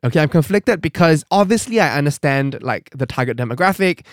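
A man's voice: on the high side, dry recording. A man co-hosting a podcast, chatting casually and reacting playfully to a comic as he reads it. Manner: playful, animated, quick to laugh. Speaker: podcast co-host. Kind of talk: casual chat, reading a comic aloud.

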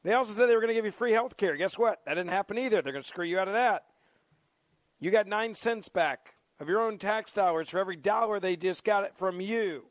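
A man's voice: high-pitched, no echo. A man hosting a talk radio show, speaking in an emphatic, mocking, repetitive way into a studio microphone.

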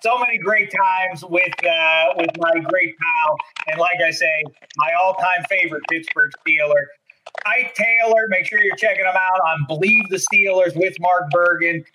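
A man's voice: high-pitched, moderate pace, noisy background. A man hosting a podcast, chatting in a jokey, chummy way, with a voice he himself calls annoying. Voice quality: self-described annoying voice. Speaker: podcast host. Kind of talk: casual podcast chat.

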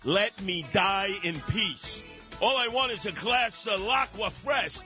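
An older man hosts talk radio, brash and sarcastic, slipping into mocking voices. His voice sits high for a man and rings bright and forceful. Light music plays under him. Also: slow pace. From New York. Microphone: studio microphone.

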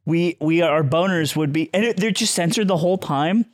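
A man co-hosting a podcast, cracking crude jokes and laughing loudly in casual chat. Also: on the high side, normal speed, no room sound, clean studio sound. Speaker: podcast co-host.

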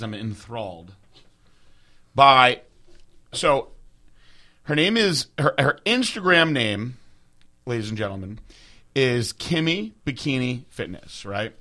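A young man hosting a casual podcast chat, talking in an animated, loose way and swearing freely. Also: mid-range voice. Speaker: podcast host.

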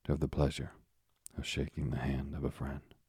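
A man's voice: a bass voice, completely flat delivery, moderate pace, vocal fry, a little mellow, breathy edge, dry recording, studio quality, heavily acted. A man voicing a sly, ingratiating young male tailor in a storybook reading.

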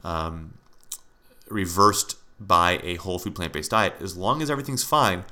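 A man's voice: sits low, moderate pace, pushed and bright. A man hosting his own podcast, talking straight to listeners in a heated rant, with frequent restarts, repeats and swearing. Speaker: podcast host. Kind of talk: solo podcast commentary.

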